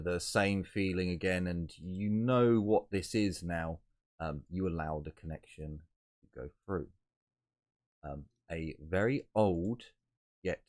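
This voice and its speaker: A man narrating as game master of a tabletop role-playing game, talking in a halting way with frequent fillers and restarts. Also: low-pitched, darkish tone.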